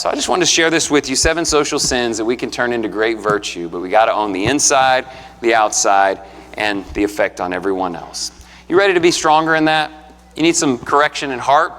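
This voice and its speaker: A man's voice: mid-range voice, a bit bright. A man in his thirties preaching a sermon in a conversational, earnest way, rising to emphatic peaks. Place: church sanctuary. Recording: long reverb of a church hall.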